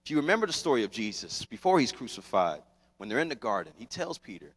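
A young man preaching a sermon as pastor, telling stories with lively, acted-out scenes. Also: medium pitch, fast, breathy edge. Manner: animated storytelling, acts out scenes. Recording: long hall reverb.

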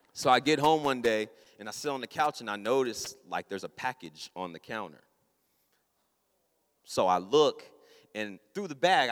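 A man preaching a storytelling sermon, acting out his own thoughts and his wife's replies in a lively, casual way. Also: mid-range voice, long reverb tail. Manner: animated, acts out his own inner voice and his wife's.

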